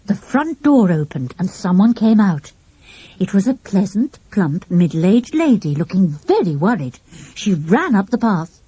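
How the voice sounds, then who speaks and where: An audiobook narrator reads a children's mystery aloud in a lively, expressive storybook style, a little slowly. Her mellow, slightly husky voice moves a great deal in pitch. The recording is close-miked and dry.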